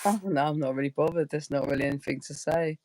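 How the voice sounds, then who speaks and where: A woman's voice: sits low, fast, darkish tone. A woman, hosting a casual live-stream chat in a blunt, sweary way and laughing easily. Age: 40s.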